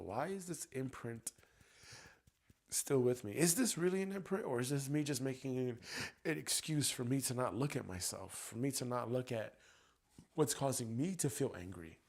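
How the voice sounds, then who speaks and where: Brief: male coach, middle pitch, gravelly, emotional confessional monologue. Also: animated, moderate pace. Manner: raw, profane, swinging from ranting to quiet reflection. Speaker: EFT tapping coach.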